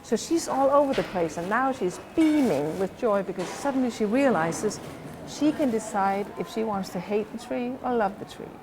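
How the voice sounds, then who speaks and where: A woman coach, outdoors at a museum park, calmly telling a story about a client session and quoting both sides of the dialogue. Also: medium pitch, normal speed, noisy background. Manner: calm, retelling a coaching session with quoted dialogue. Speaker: house coach. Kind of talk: storytelling monologue to camera.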